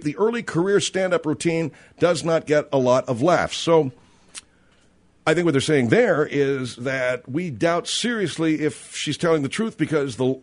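Guy on talk radio reading off a gossip item and riffing, kinda high voice for a man. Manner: reads news aloud and riffs on it. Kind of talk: casual talk radio chat.

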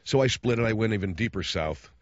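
Male radio host, rambling storyteller, very lively pitch, dry dull studio sound. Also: quick pace, no echo. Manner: rambling, animated, slangy. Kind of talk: casual storytelling monologue.

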